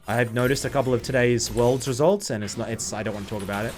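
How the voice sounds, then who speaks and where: A man's voice: medium pitch, fast, background noise. A young man, jet lagged, rambling through casual gameplay commentary as a streamer with joking, sarcastic asides.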